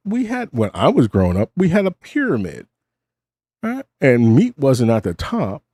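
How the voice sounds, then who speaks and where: A middle-aged man talks in a rambling, self-mocking way, and his voice swings widely in pitch. His tone is dark and mellow, and it sounds dry and close. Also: huge pitch swings, normal speed, dry recording. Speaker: host. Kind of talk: casual monologue. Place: home desk.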